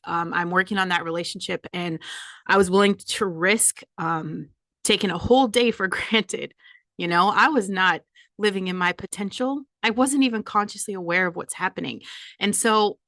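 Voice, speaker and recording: A woman's voice: mid-range voice, moderate pace, a bit bright, dry recording. A woman in her forties hosting a podcast, making a candid personal confession while holding back tears. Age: 40s. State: close to tears. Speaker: podcast host.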